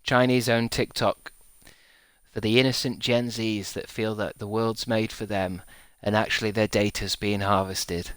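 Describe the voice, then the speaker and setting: A man's voice: fairly low pitch, little pitch movement, normal speed, hardly any pauses, fairly bright tone, clear, resonant tone, no echo. A man in his thirties, a streamer chatting casually and rambling through profane jokes, often laughing at his own gags. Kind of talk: casual chat to a live stream.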